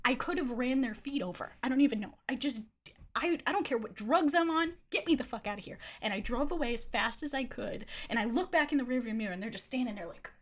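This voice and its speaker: A woman streamer telling a wild personal story in a casual, animated way, swearing freely and laughing often. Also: fairly high pitch, fast talker.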